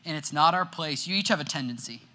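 A young man gives a relaxed sermon to teenagers, telling stories with constant "like"s and animated swings in delivery. His voice sits a little high for a man and sounds bright and forceful. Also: fast talker. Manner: animated storytelling, heavy use of "like". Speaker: youth pastor. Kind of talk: casual sermon to a youth group.

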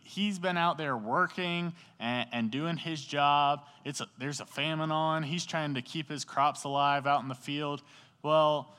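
A man's voice: a little high, sharp tone, smooth. A man preaching a casual sermon to a youth group, telling the story in slangy, conversational speech and asking the audience questions. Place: indoor hall beside a sports field, rain outside. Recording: echoey hall.

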